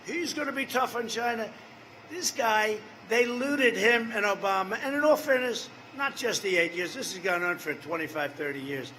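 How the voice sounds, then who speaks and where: Older man, 70s, high voice, sharp and bright tone, rambling rally speech, repetitive, crowd asides. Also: normal speed, a little hiss or hum, rough recording. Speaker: politician at a campaign rally. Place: large rally venue.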